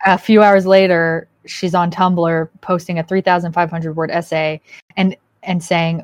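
A woman hosting a podcast in casual chat, a candid and animated storyteller who slips into quoted asides. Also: lowish voice, normal speed, dry recording. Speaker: podcast host.

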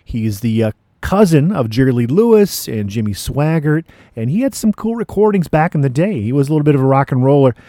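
A man's voice: medium pitch, big pitch swings, fairly quick, mellow, dry recording, studio quality. A man hosting a radio music show, chatting in a laid-back way between records with frequent fillers. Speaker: radio DJ host.

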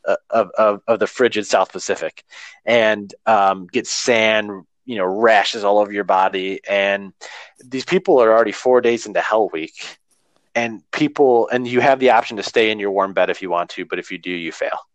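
Man, earnest rambling talker, lowish voice, dry close sound. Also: moderate pace, no room sound. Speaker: runner talking about training. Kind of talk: casual podcast conversation.

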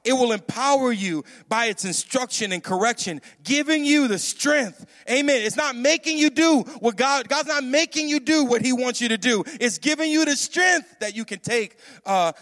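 A man with a high, light voice preaches to his congregation, animated and repeating himself as he calls out questions. The sound carries a long reverb from a church hall. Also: normal speed, few pauses. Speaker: pastor. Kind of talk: sermon.

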